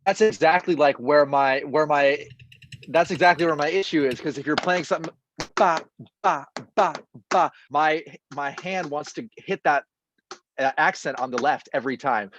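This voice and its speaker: A drum student on a video call, explaining a problem he has with his hands in a halting way, restarting his sentences. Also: a little high, slight background noise. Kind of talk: casual explanation.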